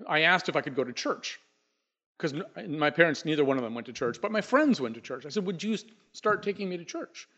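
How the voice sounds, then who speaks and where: A man's voice: fairly high pitch, a bit bright. A middle-aged man telling a personal story live, in a wry, conversational way with asides, in a dull lo-fi recording.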